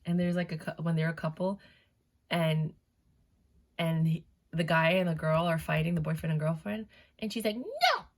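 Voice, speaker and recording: A woman's voice: sits low, little pitch movement, normal speed. A woman reading tarot in a chatty, loose way, swearing freely as she talks to her viewers. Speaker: tarot reader.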